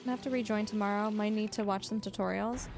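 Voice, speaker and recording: A woman livestreaming a game, chatting casually and teasingly with her viewers, with quiet music behind her. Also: mid-range voice, fast talker. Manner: chatty, animated, teasing, talks to chat. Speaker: streamer. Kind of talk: casual livestream chat while gaming.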